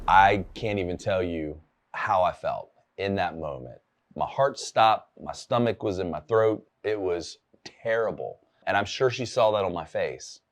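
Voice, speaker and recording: A man's voice: sits low, expressive, a little slow. A man giving a solo talk on workplace leadership, candid and earnest as he tells a personal story and urges listeners to act.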